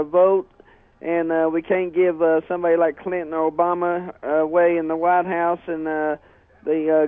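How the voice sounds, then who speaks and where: A man calling in to a radio show, speaking haltingly with many fillers in a folksy manner. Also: on the high side, smooth, no echo. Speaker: caller. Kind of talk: phone-in comment. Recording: tinny phone line.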